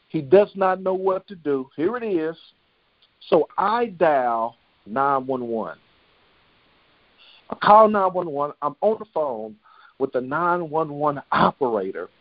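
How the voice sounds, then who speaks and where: A man with a notably high voice delivers a sermon over a prayer line, stacking up repeated phrases in a rhythmic cadence. The sound is dry and dull, as if carried over a lo-fi phone connection. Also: dry recording. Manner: repetitive, rhythmic preaching cadence. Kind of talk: sermon with storytelling.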